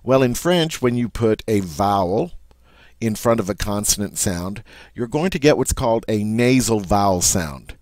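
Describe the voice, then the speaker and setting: Low-voiced man teaching a language lesson. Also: lively intonation, normal speed, a little mellow, no echo. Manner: patient, checks in with "all right?". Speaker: French teacher.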